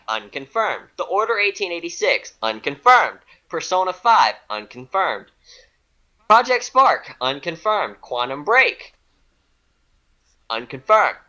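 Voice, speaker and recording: A bright, lively man runs down a list on a casual gaming show. His pitch swings up on each title and drops for the verdict. He talks slowly and laughs easily at himself. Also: highs cut off. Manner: reads items in a rising-then-falling singsong, laughs often; giggly, self-mocking. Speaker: podcast co-host. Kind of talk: casual chat reading a list.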